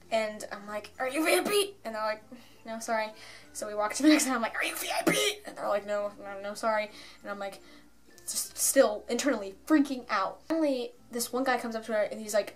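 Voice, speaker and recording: A young woman telling a rambling, excited story for her vlog at home, full of "like" and asides. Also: on the high side. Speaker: fan vlogger.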